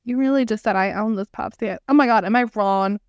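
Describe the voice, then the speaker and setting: A woman's voice: medium pitch, quick pace, a little mellow, smooth, no room sound, lo-fi sound. A young woman co-hosting a podcast, chatting playfully and reading out list items. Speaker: podcast co-host. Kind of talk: casual chat.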